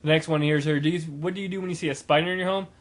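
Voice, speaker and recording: Fast-rambling young man. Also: on the high side, fairly even intonation. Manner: rambling with many fillers and restarts. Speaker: gaming vlogger. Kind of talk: casual rambling video blog.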